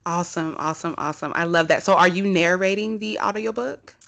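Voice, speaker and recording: A chatty woman hosting a podcast, talking casually and affirming her guest often. Her voice sits a little low, and the recording is dry and close. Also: a little fast, vocal fry, a bit bright, no echo. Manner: chatty, lots of affirming yeses. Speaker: podcast host.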